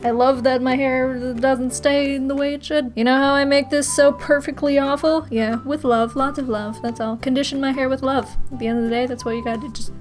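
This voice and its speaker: A woman's voice: high voice, fairly even intonation, a little fast, few pauses, faint music behind. A young woman from Massachusetts answering viewer questions in a giggly, playful, self-mocking vlog. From Massachusetts, USA. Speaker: YouTuber. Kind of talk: casual Q&A vlog.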